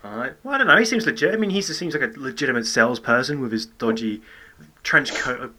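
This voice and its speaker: A man co-hosting a casual comedy chat, tossing in quick absurd quips and mock-posh voices. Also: mid-range voice, expressive, sharp tone. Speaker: podcast co-host.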